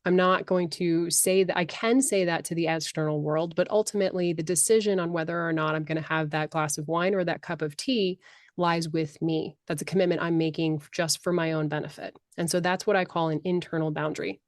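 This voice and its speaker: A middle-aged woman, a life coach, speaking as a podcast guest in a passionate, animated way on a close microphone. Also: deep voice, a little fast, no room sound. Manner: passionate, animated, acts out voices. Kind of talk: podcast interview.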